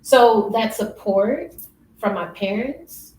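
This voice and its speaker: A young woman telling stories in a casual interview, lively and often laughing. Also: mid-range voice, slow. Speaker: interview guest. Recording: roomy, distant, faint noise.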